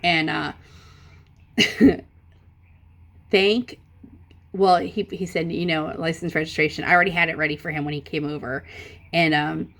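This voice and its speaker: Gravelly-voiced woman telling a rambling story. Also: sits low, a little slow, long pauses. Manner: animated, profane, voice jumps up when emphatic. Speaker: vlogger. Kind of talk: casual storytelling.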